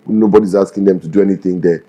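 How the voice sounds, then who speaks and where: Guest commentator, man, low and mellow, dry and skeptical. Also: steady tone. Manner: halting start, then sarcastic and firm. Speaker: guest analyst. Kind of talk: morning show news commentary.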